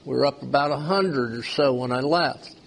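A man's voice: mid-range voice, normal speed, gravelly, husky. A man preaching a sermon, asking the congregation questions as he goes. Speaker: pastor.

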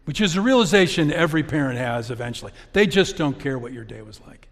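A middle-aged pastor preaches in a fast, expressive voice on the high side, telling his sermon in a conversational storytelling way. The church hall adds a long reverb.

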